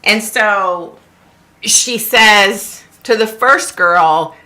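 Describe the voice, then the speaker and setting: Speaking extremely slowly in a medium-pitched voice, a middle-aged woman recounts a story on her psychic livestream. She's animated, laughs a great deal, and imitates the people in the tale as she chats.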